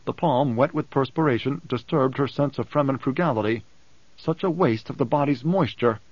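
A man's voice: medium pitch, moderate pace, a little mellow, no room sound. Man narrating an audiobook, dry sound. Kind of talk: scripted narration. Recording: dull dry close recording.

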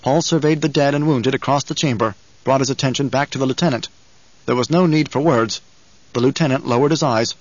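A man reading scripted audiobook narration in a measured, dramatic way. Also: mid-range voice, no room sound, dull audio.

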